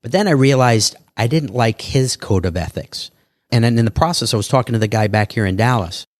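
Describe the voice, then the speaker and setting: A man, an entrepreneur guest on a podcast, talking casually in animated salesman patter and acting out dialogue. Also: mid-range voice, a little fast, no room sound. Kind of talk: casual interview talk.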